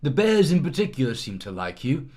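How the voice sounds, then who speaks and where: A man's voice: a little high, sing-song, brisk, darkish tone. A man reading an interactive story aloud on a live stream, acting out the lines and breaking into laughter.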